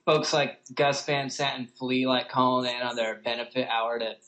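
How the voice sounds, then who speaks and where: A man's voice: medium pitch, fairly even intonation, normal speed, a bit bright, poor audio. A man joining as a guest in a casual chat, easygoing and agreeable.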